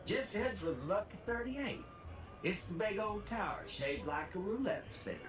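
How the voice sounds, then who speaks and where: A man's voice: sits high, sing-song, moderate pace, soft background music. A man voicing a jolly cowboy robot greeter with a hearty drawl, heard as distant game audio. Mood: cheerful.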